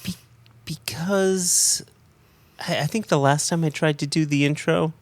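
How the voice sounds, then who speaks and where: A man's voice: fairly high pitch, fairly even intonation, unhurried, crowd noise. Playful Connecticut man hosting a podcast. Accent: American, Connecticut. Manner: playful, joking. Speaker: podcast host. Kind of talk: casual chat.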